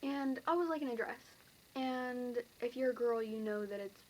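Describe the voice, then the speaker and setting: A woman's voice: fairly high pitch, measured pace, long pauses, a little mellow, slight background noise, poor audio. Rambling teenage girl telling a dream. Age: teens. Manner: rambling, filler-heavy, breathless retelling. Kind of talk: casual storytelling to camera.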